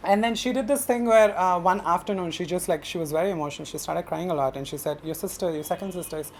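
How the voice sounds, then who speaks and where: A man's voice: high voice, quick pace, slight background noise. A young man, telling a personal story on stage at a live storytelling event in a casual, chatty way. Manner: casual and chatty, many fillers, breaks into animated laughing retellings.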